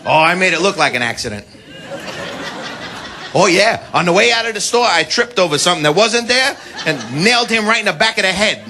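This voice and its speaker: An American man doing a stand-up comedy routine, brash and profane, telling stories with shouted impressions. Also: high voice, very animated, fairly quick. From United States. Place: comedy club stage before a live audience. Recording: live club recording, loud crowd and noise. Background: audience laughter and applause.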